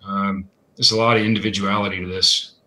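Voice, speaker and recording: A man answering questions as an equipment expert, talking casually and filling pauses with "uh" and "you know". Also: on the low side, little pitch movement, sharp tone. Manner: thoughtful, filler-heavy with many uh and you know.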